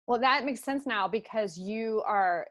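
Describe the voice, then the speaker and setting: A woman's voice: on the high side, unhurried, fairly bright tone, dry recording. A middle-aged woman hosting a conversational interview, telling a personal story in an open, emotional way. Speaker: host.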